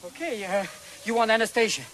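Flustered foreign doctor in a film comedy, lively pitch. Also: male voice, a little fast, very noisy. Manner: frantic, bumbling, mixes up words. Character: nervous, manic foreign male doctor.

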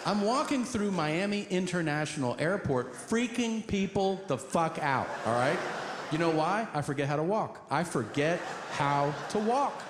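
A man telling a stand-up story, acting out characters in shrieking high voices and talking in profane, fast bursts. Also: animated, noisy background. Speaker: stand-up comedian.

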